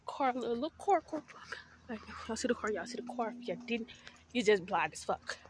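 A teenage girl vlogs on an outdoor walk, out of breath and rambling to her viewers, whom she calls y'all. Her slightly high voice is expressive and a little fast, and she swears freely in this chatty, casual talk. The recording has a little hiss or hum.

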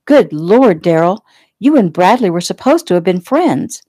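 A woman's voice: fairly low pitch, big pitch swings, normal speed, mellow, slightly rough, dry recording. A woman reading the lines of a proud, weary young mother with an earnest, indignant manner in a casual audiobook.

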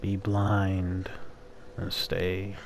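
A man's voice: deep voice, completely flat delivery, very slow, vocal fry, a little hiss or hum. A man commentating a horror game, muttering to himself and breaking into profane, panicky outbursts. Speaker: gamer playing a horror game. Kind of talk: let's play commentary.

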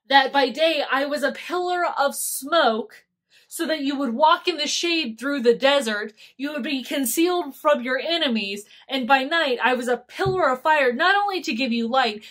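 A woman's voice: high-pitched, a little slow, a bit bright. A woman voicing an exasperated God, male deity, scolding his people in slangy, incredulous speech.

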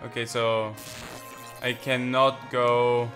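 Bright-voiced man rambling over gameplay. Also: medium pitch, little pitch movement, slow, faint music behind. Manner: rambling, self-mocking talk to himself while playing. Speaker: gaming channel host. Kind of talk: casual let's-play commentary.

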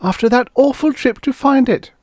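Storybook role: man doing a shrill, pleading young woman, dry close sound. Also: animated, normal speed, no echo. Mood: anxious. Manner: high-pitched, shrill and pleading. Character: anxious young woman stranded on a wild planet.

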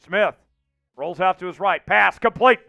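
A man hosting a livestream and calling the plays of a simulated football game, reading names from the chat and getting loud on big plays. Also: sits high, unhurried, vocal fry, lo-fi sound, soft background music. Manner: excitable, shouts out chat names and hypes touchdowns. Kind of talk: live play-by-play commentary.

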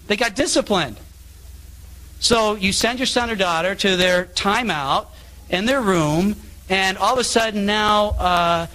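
A middle-aged man giving a sermon-style public talk, animated and acting out the voices of people in his stories. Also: high-pitched. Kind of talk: sermon with anecdotes. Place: meeting hall.

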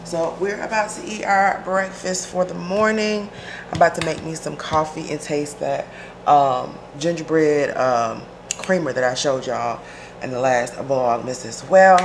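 A woman vlogging casually from her kitchen at home, her voice hoarse and raspy from a sore throat, chatting straight to her viewers and laughing often. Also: deep voice, unhurried, a little hiss or hum. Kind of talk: casual vlog chat.

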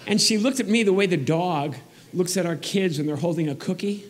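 A man performs a stand-up comedy routine on stage. His voice sits a little high for a man. He tells his stories in an animated way, slipping into the voices of the people he describes. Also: a little fast. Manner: animated storytelling, acts out other people.

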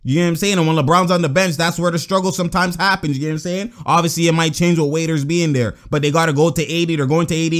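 A man with a fairly high voice reacts to basketball highlights in casual, slang-heavy commentary. He laughs a lot, repeats himself and jumps between excitement and breakdowns of plays. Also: fast talker, hardly any pauses. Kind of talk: casual reaction commentary over game clips.

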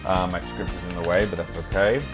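A man's voice: sits low, level tone, a little fast, over music. A man showing how to bag popcorn while coaching acting, talking casually and laughing often in a popcorn shop. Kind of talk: casual hands-on demonstration.

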